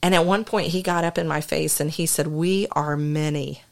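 A woman with a lowish, brisk voice, fairly even intonation, and vocal fry co-hosts a podcast. A deliverance minister, she earnestly tells a ministry story in a casual, narrative style, often restarting sentences and using fillers.

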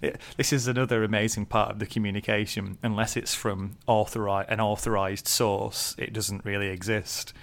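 A man with a fairly low voice and speech co-hosts a relaxed book discussion. He talks thoughtfully, with lots of "ums" and easy laughter. He often breaks off to restart a sentence. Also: normal speed, creaky, hardly any pauses. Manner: thoughtful, many fillers, laughs easily. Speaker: podcast co-host.

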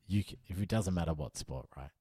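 An Australian man hosting a podcast in casual chat, teasing and quick-witted, setting up comic bits. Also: sits low, mellow, husky, no room sound. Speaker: podcast host.

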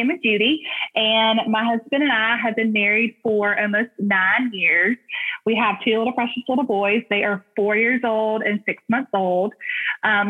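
A young woman with a Southern American accent from Alabama, answering interview questions in a relaxed, easygoing way with frequent ums. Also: a little high. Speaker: guest, blogger and home decor influencer. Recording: husky voice over a tinny phone line.

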